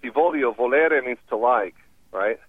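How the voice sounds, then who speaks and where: A man's medium-pitched, slightly rough voice comes through a tinny phone call at normal speed, with a dry sound. He is a language expert on a radio interview, cheerfully teaching the meaning of foreign phrases and laughing often.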